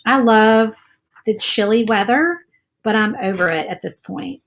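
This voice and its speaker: A woman's voice: mid-range voice, unhurried. A woman hosting a casual live craft demo, chatting and reading viewer comments while she paints. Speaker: craft video host.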